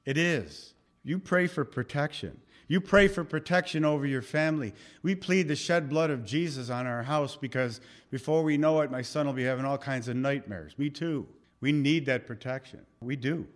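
A middle-aged male pastor preaching a sermon and leading a closing prayer, emphatic with loud peaks that drop back soft. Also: mid-range voice, normal speed.

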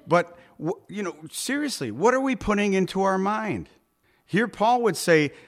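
Male pastor, mid-high voice, conversational sermon with rhetorical questions. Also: fairly bright tone.

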